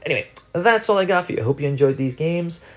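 A man's voice: a little high, lively intonation, fast, faint music behind. A young man, host of a gaming channel, giving chatty, self-mocking commentary over his own gameplay.

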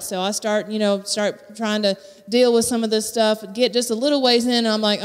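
A woman's voice: medium pitch, steady tone, moderate pace, few pauses, smooth. A woman preaching a live sermon into a handheld microphone, candid and conversational, with self-mocking humor. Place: church sanctuary at a live service. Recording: long hall reverb from a church.

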